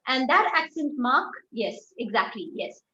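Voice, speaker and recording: Woman language tutor, high-pitched, patient and explanatory, echoey and slightly muffled online-call sound. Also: sing-song, unhurried, bright, forceful tone. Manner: patient, explains step by step with frequent check-in questions. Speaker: French teacher. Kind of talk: online class instruction. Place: online video class.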